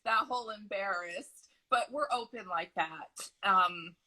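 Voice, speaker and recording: Brief: chatty forties mom as a guest on a video call, bright and lively, laughs easily. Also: female voice, mid-range voice, measured pace, low-quality recording. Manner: candid and rambling, laughs often. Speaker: guest, mother of a large family. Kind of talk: candid interview answers.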